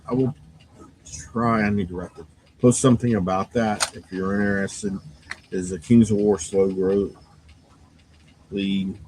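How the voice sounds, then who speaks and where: On a low-quality recording with a little hiss or hum, a game store owner speaks in a slightly mellow voice on the low side. His casual shop update rambles with fillers and restarts, and he's tired, even yawning.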